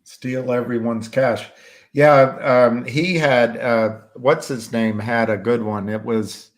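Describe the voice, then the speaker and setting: A man chatting casually as a stream host, halting often and searching for words with many fillers. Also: medium pitch, fairly even intonation. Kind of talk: casual rambling chat.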